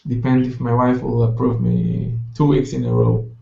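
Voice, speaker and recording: A man's voice: medium pitch, completely flat delivery, moderate pace, creaky, reverberant, dull audio. A man joining a casual podcast chat, joking dryly.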